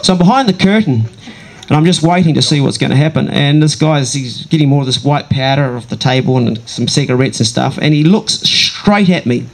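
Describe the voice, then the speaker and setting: A man telling a comic story from his own life to a live audience, conversational with dramatic pauses and wry asides. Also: medium pitch, low-quality recording. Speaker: comedic storyteller.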